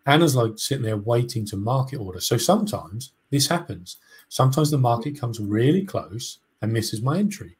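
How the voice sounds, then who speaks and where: A man with a husky, slightly breathy voice talks through his trades in a relaxed, casual way. He explains things step by step and often restarts his sentences. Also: mid-range voice, normal speed. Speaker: co-host trader. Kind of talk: casual trading chat.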